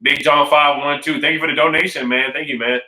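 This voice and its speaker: Bright-voiced man chatting on a stream. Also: fairly high pitch, fairly even intonation, a little fast, roomy sound, poor audio. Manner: repetitive, emphatic, says "man" and "I really do" often. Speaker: sports fan streamer reading chat. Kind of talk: casual live-stream chat. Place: at home indoors.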